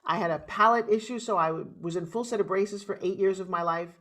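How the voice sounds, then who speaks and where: A woman's voice: mid-range voice, brisk, a bit bright. A middle-aged woman with a New York accent, a motivational speaker telling her life story as a podcast guest. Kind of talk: interview storytelling.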